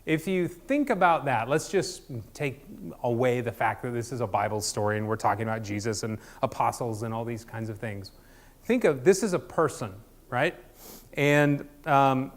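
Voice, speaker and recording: A man's voice: mid-range voice, moderate pace. A man preaching a casual sermon, conversational and jokey, with many ums and restarts. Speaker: pastor.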